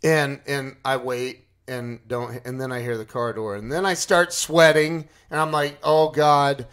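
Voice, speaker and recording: A man casually telling a personal story to his live chat, animated and acting out his own panic. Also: medium pitch, unhurried, clear, resonant tone.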